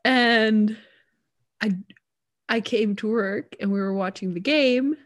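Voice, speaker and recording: A woman's voice: on the high side, takes it slowly. A young woman co-hosting a casual podcast chat, rambling with many restarts and laughs. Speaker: podcast co-host.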